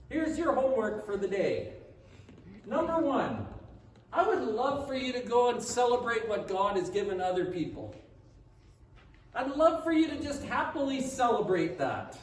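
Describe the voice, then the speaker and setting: A man pastor delivering a conversational sermon full of rhetorical questions. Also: very high-pitched. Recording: echoey hall, speaker far from mic, faint noise.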